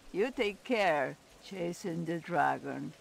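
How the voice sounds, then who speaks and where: An actress playing a sly female insect merchant in a video game, with a put-on foreign lilt and a drawn-out sales pitch. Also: expressive, creaky, heavily acted.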